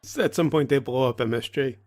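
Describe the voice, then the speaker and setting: A man's voice: medium pitch, fairly quick, darkish tone. A man co-hosting a podcast, chatting casually with dry, wry remarks and short agreeing replies. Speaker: podcast co-host.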